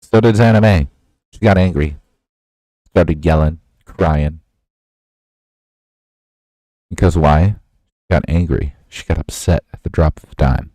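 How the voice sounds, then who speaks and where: A man hosting a livestream, casually reacting to clips with a slow, lecturing manner. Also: very deep voice, warm tone, no room sound. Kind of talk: casual reaction stream chat.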